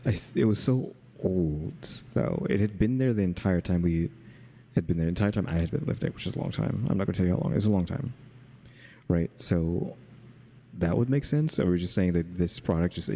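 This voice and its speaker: A man co-hosting a podcast who chats casually and thinks aloud in a hesitant, measured way. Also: sits low, warm tone. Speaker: podcast co-host. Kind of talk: casual chat.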